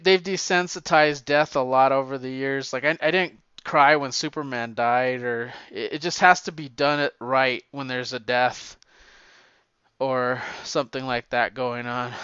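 A man's voice: medium pitch, pushed and bright, clean tone, no echo, muffled recording. A man talking casually and at length about comic books, rambling with stammered restarts and swearing freely. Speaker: comic book fan talking to a friend. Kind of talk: casual chat.

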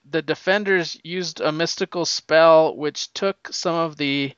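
A man recapping a comic issue in a casual, excited, rambling way, with lots of fillers. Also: on the high side, smooth, no room sound, lo-fi sound. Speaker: comic book reviewer.

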